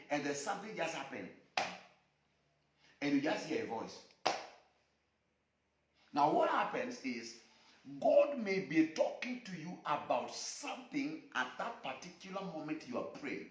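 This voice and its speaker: Emphatic preacher, lively pitch, echoey room. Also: male voice. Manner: emphatic, repetitive preaching cadence. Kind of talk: online sermon broadcast. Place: room alone.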